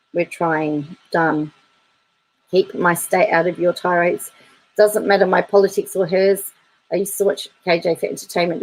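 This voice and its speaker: Chatty woman vlogger, slightly low voice, reads viewer comments aloud with dry humor and frequent laughs. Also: a little mellow, low-quality recording. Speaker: YouTube commentator.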